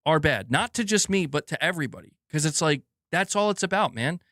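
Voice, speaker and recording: A man's voice: on the high side, animated, fairly quick, a bit bright, dry recording, studio quality. A young man streaming gaming news commentary, ranting heatedly with lots of swearing and filler words while reading super chats.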